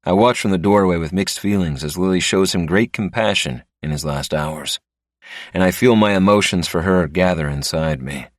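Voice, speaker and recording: In a deep, low voice, a man tells a story in the first person, his delivery dry with a slight wry edge. The recording is close and dead, with no room sound at all.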